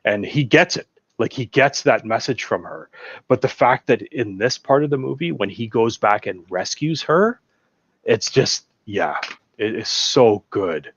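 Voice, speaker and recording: A man's voice: medium pitch, animated, a little slow, a bit bright, slightly rough, dull audio. A man enthusiastically retelling film moments in casual chat, bursting into acted-out quotes. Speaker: podcast guest.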